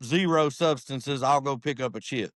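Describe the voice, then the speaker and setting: A man's voice: medium pitch, normal speed, no echo, studio quality. A man hosting a podcast, talking casually and rambling with lots of "you know.". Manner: rambling, relaxed, many fillers like "you know". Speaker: podcast host.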